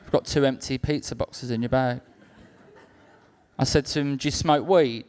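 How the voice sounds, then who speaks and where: A young man doing a stand-up comedy set on a club stage, telling stories deadpan and acting out other people's lines. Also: mid-range voice, noisy background. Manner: acts out others' lines in quick-switching voices.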